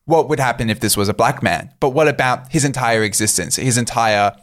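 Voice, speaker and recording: A man co-hosting a casual political discussion, calmly agreeing with his co-host and building on her points. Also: mid-range voice, a little fast.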